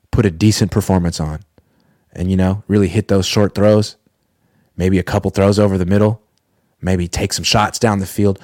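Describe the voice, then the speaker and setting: A man hosting casual sports commentary, talking in a sarcastic, deadpan way. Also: fairly low pitch, brisk, dry recording, clean studio sound.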